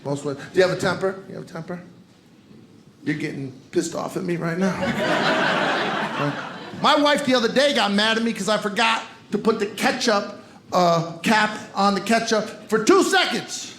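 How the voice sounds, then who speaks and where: High-voiced male comic working the crowd. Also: lively intonation, normal speed, a bit bright. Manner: teasing crowd work, punchy delivery. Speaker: stand-up comedian. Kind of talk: stand-up comedy set. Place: comedy club stage. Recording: roomy club with crowd noise. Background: audience laughter.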